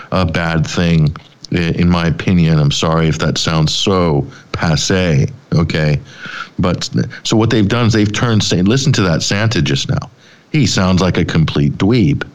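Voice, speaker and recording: Deep-voiced sardonic male talk host. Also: dull audio. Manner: sardonic, rambling with restarts. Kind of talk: opinionated commentary.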